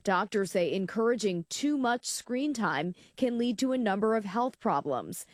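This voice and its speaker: A woman correspondent filing a steady, informative news report. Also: mid-range voice, unhurried, dry recording, clean studio sound.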